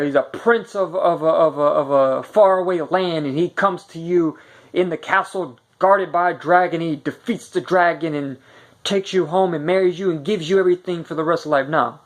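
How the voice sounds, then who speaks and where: A man's voice: fairly high pitch, moderate pace. A man giving relationship advice in a casual, unscripted monologue, blunt and rambling, often repeating words as he searches for them. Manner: blunt and direct.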